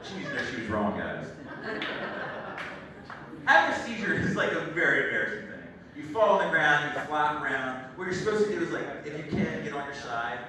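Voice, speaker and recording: A young adult man doing a stand-up comedy set on a theater stage, telling stories in an animated way and acting out the people in them. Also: a little high, a little fast. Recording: echoey, distant room recording with background noise. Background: audience laughter and room ambience.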